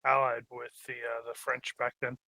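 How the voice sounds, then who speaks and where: A man's voice: medium pitch, completely flat delivery, normal speed, creaky, pushed and bright, no echo, low-quality recording. A man playing a tabletop game, chatty and joking with the table. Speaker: player.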